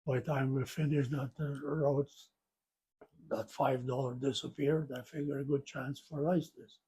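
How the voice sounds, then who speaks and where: An old man in his nineties recalls his life for an interviewer, halting along with restarts and soft chuckles. His voice is slow, husky and mellow. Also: medium pitch, level tone. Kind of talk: storytelling interview.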